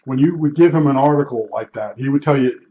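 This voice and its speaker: An older man from New Jersey rambles through stories from his working years in a blunt, salty way, often restarting his sentences. His voice sits at an ordinary middle pitch. The recording sounds a bit dull and lo-fi. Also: quick pace. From Newark, New Jersey. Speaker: vlogger recalling his work as a meter calibrator. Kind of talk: rambling casual storytelling.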